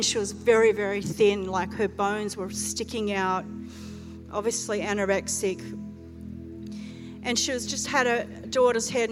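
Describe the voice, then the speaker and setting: A woman pastor, preaching a sermon in earnest storytelling fashion, often restarting her phrases. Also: a little high. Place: large church hall. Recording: church hall reverb with music behind.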